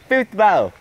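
Excitable, cussing young guy vlogging outdoors. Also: sits high, slight background noise. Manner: excitable, jokey and heavily profane. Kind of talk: casual vlog chat.

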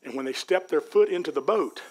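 High-voiced folksy preacher. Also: male voice, brisk. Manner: folksy preaching, Southern US dialect, builds to shouts. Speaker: pastor. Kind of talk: sermon. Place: church sanctuary.

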